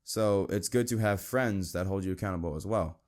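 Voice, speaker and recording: A man's voice: moderate pace, darkish tone. Earnest young man hosting a faith podcast. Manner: earnest, conversational, quotes scripture, mimics friends in a high voice. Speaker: podcast host. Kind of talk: casual Christian podcast talk.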